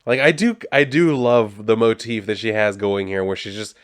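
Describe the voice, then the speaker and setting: A man's voice: on the low side, normal speed. A man casually reviewing comic books, swearing often as he talks.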